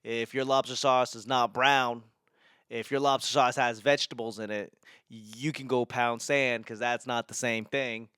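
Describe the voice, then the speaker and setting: A man's voice: mid-range voice, little pitch movement, measured pace, sharp tone, clean tone, no echo, clean studio sound. A young man from New England hosting a podcast, rambling casually with self-mocking humor, frequent swearing and laughter. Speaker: podcast host. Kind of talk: casual monologue.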